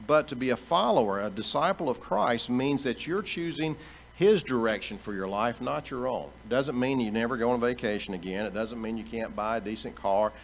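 A man's voice: medium pitch, a little fast, gravelly, a little hiss or hum. A man preaching a sermon as pastor, earnest, repeating key phrases and pushing harder on the points he stresses.

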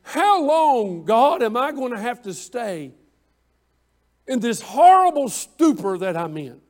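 A man preaching a sermon with passion, repeating phrases in cadence and swinging between hushed pleas and shouts, in a church room. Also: very high voice, big pitch swings, slow. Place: church room with online viewers.

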